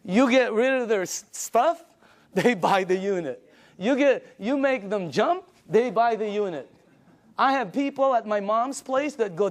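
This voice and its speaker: A man giving an emphatic, energetic sales pitch to a live audience in a meeting room, chuckling between points. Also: a little slow. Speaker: sales presenter.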